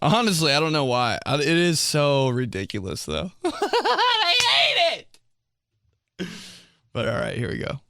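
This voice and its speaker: A man's voice: fairly high pitch, huge pitch swings, unhurried, pauses often, bright, forceful tone, no room sound. A young man hosting a podcast, telling comic stories in a casual monologue, laughing often and mimicking voices. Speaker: podcast host.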